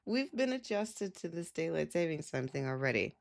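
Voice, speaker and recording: A woman's voice: on the low side, very animated, moderate pace, creaky. A young adult woman live streamer chatting casually, rambling with lots of "like" fillers and laughs. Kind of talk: casual chat.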